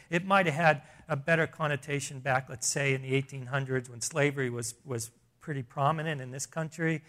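A man's voice: on the high side, a bit bright. A man preaching a sermon in a church, earnest and conversational, often restarting his sentences. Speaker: pastor.

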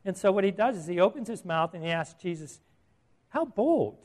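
A man's voice: high-pitched, fast, darkish tone. A middle-aged man preaching a sermon as a pastor, earnest and emphatic, asking his listeners questions.

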